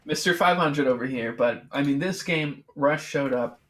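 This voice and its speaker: A man's voice: on the high side, normal speed, fairly bright tone. Rambling man co-hosting a gaming podcast. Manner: rambling, full of fillers like "I mean" and "like". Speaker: podcast co-host. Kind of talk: casual chat about esports.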